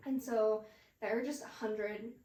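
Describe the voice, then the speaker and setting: A woman's voice: a little high, steady tone, measured pace, warm tone, a little hiss or hum. A young woman telling a casual story as a podcast guest, laughing often and filling her speech with "like". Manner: chatty, laughs often, many "like" fillers. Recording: roomy echo.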